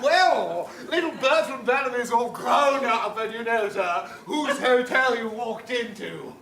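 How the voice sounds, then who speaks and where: A man acting out a jolly, loud hotel owner who blusters and laughs, with a high, gravelly voice. The sound is distant and echoey with noise behind it. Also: expressive, measured pace, exaggerated voice. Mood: gleeful. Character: boisterous British male hotel owner with braying laugh. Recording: echoey stage from far off, noisy.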